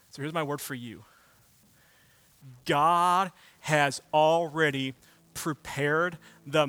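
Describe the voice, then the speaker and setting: A male pastor preaching a sermon in a casual, conversational way with slang asides, moving between loud emphatic bursts and quiet reflective stretches. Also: fairly high pitch, no echo.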